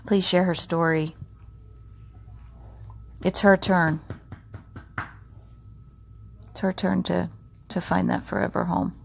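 A woman's voice: fairly low pitch, little pitch movement, unhurried, gravelly. A woman, a dog rescue volunteer, earnestly pleading with viewers in a home video.

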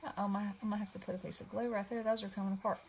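A woman's voice: mid-range voice, flat delivery, racing, vocal fry, a little mellow, a little hiss or hum, poor audio. A middle-aged woman, chatting casually as she shows off her handmade craft projects, rambling with fillers. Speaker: craft channel host. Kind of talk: casual craft show-and-tell.

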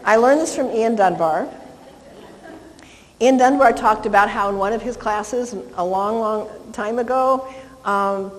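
An animated woman dog trainer talks a class through handling reactive dogs, her voice sitting slightly high. She is casual and chatty, and the sound carries a long hall reverb. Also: measured pace. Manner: chatty, animated, praises the dog in a soft coo. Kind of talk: live class instruction.

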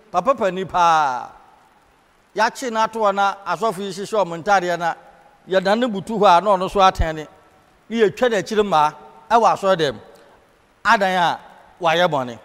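A Ghanaian man leads a Bible class in a preaching manner, his voice pitched very high. He slips into English whenever he reads scripture. The sound rings out with the long reverb of a large hall. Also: fairly bright tone. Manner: preaching in Twi, switching to English for scripture and key phrases. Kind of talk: sermon-style Bible teaching.

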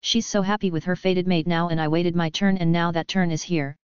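A woman voicing an eager young werewolf heir in an audiobook, earnest and quick to speak, low-pitched and very clear, in a dry, slightly muffled recording. The delivery stays close to a plain reading voice. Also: fairly even intonation, no echo, natural voice.

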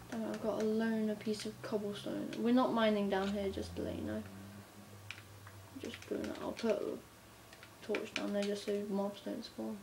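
A woman chatting casually as she narrates her gameplay, talking to herself and breaking into bursts of excitement. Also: mid-range voice. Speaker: gamer narrating her play. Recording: faint background noise.

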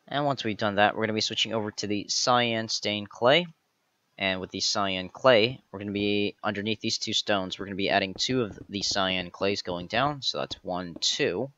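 A man narrates a building tutorial step by step, counting out each block he places. His voice sits a little low but sounds bright and forceful. The recording is dry and slightly dull, like a modest home setup. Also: normal speed, no echo. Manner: methodical, counts blocks aloud one by one. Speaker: tutorial host. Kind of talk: step-by-step game tutorial voice-over.

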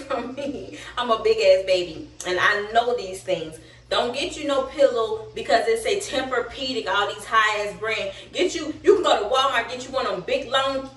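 A woman's voice: a little high, fairly bright tone. A young woman vlogging in a candid, slangy, chatty way, a little out of breath. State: slightly out of breath. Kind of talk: casual vlog storytelling. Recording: echoey room, distant mic.

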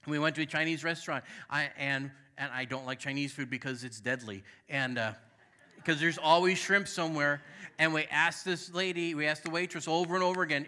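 A man from New England preaches in a church, his voice bright and forceful and set a little above the usual male pitch. He is emphatic and conversational, urging the congregation along and mixing in frank, self-deprecating asides. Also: a little fast. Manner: tells personal stories with candid, self-deprecating asides. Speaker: pastor. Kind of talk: sermon. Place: church sanctuary.

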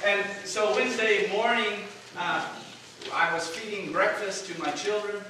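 A man in his forties preaching a sermon, telling a personal story in a self-deprecating way with frequent filler pauses. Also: sits high. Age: 40s. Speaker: pastor. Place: church sanctuary. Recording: distant, very echoey church recording with noise.

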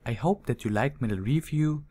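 A man with a German accent reading a scripted game review in a measured, even voice-over. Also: medium pitch.

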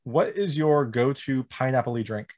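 A man's voice: medium pitch, expressive, a little slow, darkish tone. A male interviewer who asks questions in a friendly, hesitant way and laughs often. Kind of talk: casual interview.

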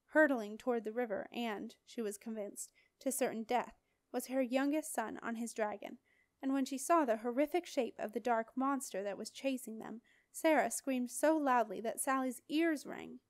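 A woman reading a fantasy novel aloud as an audiobook in an expressive, dramatic storytelling voice. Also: fairly high pitch, moderate pace, no echo, clean studio sound. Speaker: audiobook reader. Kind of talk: audiobook narration.

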